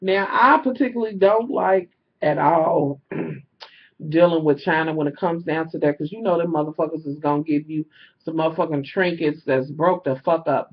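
Pitched on the high side and slightly rough, this man chats to camera in an exasperated vlog, swearing and using lots of fillers. He sells jewelry and films indoors at home with a camera mic that produces dull, lo-fi sound.

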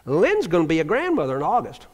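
Older man, storytelling testimony, lively upward voice, reverberant church hall. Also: on the high side, fast, breathy edge. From Virginia. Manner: storytelling with acted-out quotes, humorous. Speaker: church member giving testimony. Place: church sanctuary.

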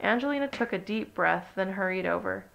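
A woman reading a children's picture book aloud, even and expressive from line to line. Her voice carries a noticeable gravelly fry, set at a middle pitch for a woman. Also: fairly quick, muffled recording. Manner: steady, expressive storytelling. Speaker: storybook reader.

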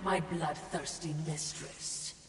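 A woman's voice: low-pitched, steady tone, slow pace, slight background noise. An actress voicing a sardonic female companion spirit in a game, with a dry, mocking delivery.

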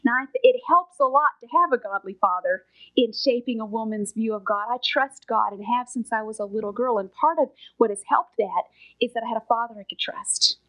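A middle-aged woman preaching a sermon as a Bible teacher, earnest and emphatic, sometimes dropping to a soft whisper for stress. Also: on the high side, brisk, low-quality recording.

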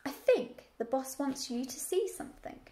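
A woman's voice: high-pitched, very animated, normal speed. Woman doing a patient motherly sheepdog. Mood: gentle. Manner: gentle explaining.

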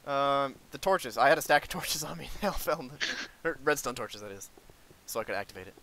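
A man hosting a casual gameplay chat, excitable and quick to burst into shouts and laughter. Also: mid-range voice, slight background noise. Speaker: let's play host.

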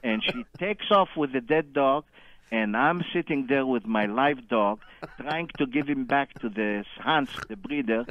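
Telling a lengthy anecdote by phone, this man gives every quote its own performance, his grammar loose and non-standard. His mid-range voice moves at a measured pace, and the sound is lo-fi.

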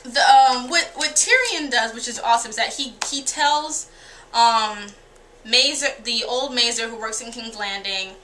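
Brisk, bright-voiced candid woman reviewer. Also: fairly high pitch, a little hiss or hum. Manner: candid, profane, chatty, acts out characters' lines. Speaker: TV show reviewer. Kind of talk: casual spoken episode review.

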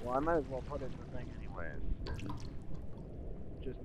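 A young man commentating his own game playthrough, excitable and swearing, shouting at the screen. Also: mid-range voice, normal speed, heavy background noise. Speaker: gaming video host. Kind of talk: let's play commentary.

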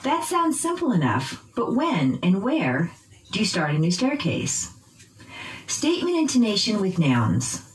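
A woman teaching English pronunciation, reading drills slowly with exaggerated stress. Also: medium pitch, huge pitch swings, poor audio. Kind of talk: recorded pronunciation lesson.

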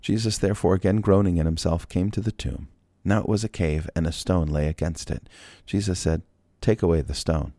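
A man with a low voice reads scripture aloud and interrupts himself with casual, joking asides, laughing and sighing. The recording is dry and close. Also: a little fast, dark tone, dry recording. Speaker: Bible reader. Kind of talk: scripture reading with casual commentary.

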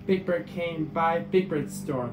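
A man reading a picture book aloud in a steady way, with small slips. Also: fairly high pitch, takes it slowly. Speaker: storybook reader. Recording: echoey room with guitar music.

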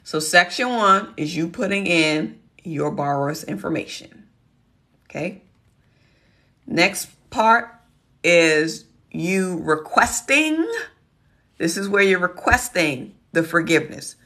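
A woman hosting a casual livestream Q&A. Her voice is hoarse and cracking, and she talks in a folksy, chatty way, muttering to herself as she looks for things. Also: lowish voice, lively intonation, slow, bright, forceful tone. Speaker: host answering viewer questions.

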